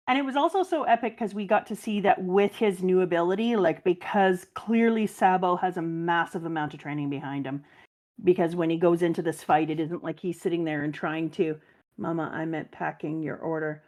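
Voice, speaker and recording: A woman's voice: fairly low pitch, moderate pace, a little mellow. A woman chatting casually on a live stream, telling stories animatedly and laughing often. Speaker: stream guest and mother. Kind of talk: casual chat.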